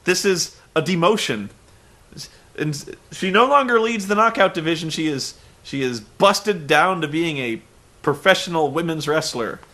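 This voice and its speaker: A man's voice: on the high side, animated, unhurried, sharp tone. A man reviewing a wrestling show in a sarcastic, exasperated comedic recap.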